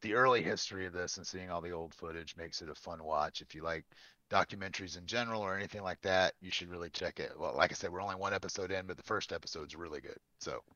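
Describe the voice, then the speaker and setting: Low-voiced man chatting casually. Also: fast, bright, forceful tone, dry recording, lo-fi sound. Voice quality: swears a lot, rambling. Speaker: podcast co-host. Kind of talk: casual chat.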